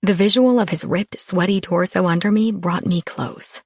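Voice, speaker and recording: A woman reads a first-person romance audiobook in a soft, intimate way. Her voice is somewhat low and husky. The recording is close and dry. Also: normal speed, no echo. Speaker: audiobook narrator.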